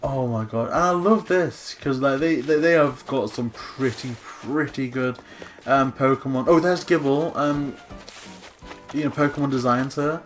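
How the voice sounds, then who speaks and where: A man's voice: mid-range voice, measured pace, faint music behind. Gushing man touring a game island. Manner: gushing, gasping, breathless exclamations. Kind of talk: excited gameplay commentary.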